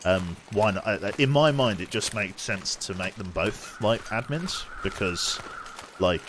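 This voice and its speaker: A young man talks to his live chat while he plays, his voice sitting low and relaxed. He rambles and corrects himself as he goes, dropping a swear word here and there. A faint hum of background noise sits under his voice. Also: measured pace. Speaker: game streamer. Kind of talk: casual live-stream chat while gaming.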